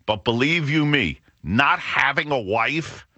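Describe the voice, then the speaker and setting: A middle-aged man talks in a loose, wry monologue, starting sentences over and over as his thoughts run ahead of him. His voice swings widely in pitch and sounds bright and forward. The recording is dry, with no room sound. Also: animated, takes it slowly, no room sound. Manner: rambling, self-interrupting, wry. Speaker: show host. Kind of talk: casual monologue.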